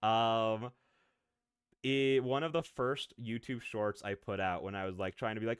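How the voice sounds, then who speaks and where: A man streaming as a VTuber, chatting casually with his viewers in an excitable, rambling way, drifting off on tangents and laughing often. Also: fairly low pitch, a little slow, clean tone, no room sound, clean studio sound. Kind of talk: casual live-stream chat, answering viewers.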